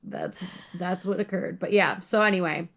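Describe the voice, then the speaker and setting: Gravelly and a bit bright, her lowish voice moves at normal speed as this young podcast co-host chats casually. She wanders from point to point, drops "like" everywhere, and keeps laughing.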